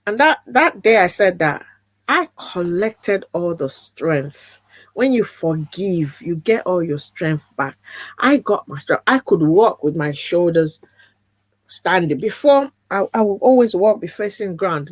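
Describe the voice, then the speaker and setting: A woman's voice: mid-range voice, no echo. A woman guest speaking in an earnest, emphatic way over a video call, often repeating phrases for weight. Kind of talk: candid video-call conversation.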